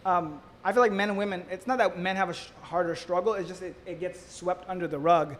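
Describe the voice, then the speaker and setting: A young man with a high, quick voice rattles through casual podcast talk, swearing often. He sounds like he's in a room with a long echo. There is a faint noise behind him. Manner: fast, profane, animated storytelling. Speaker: podcast host. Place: Florida.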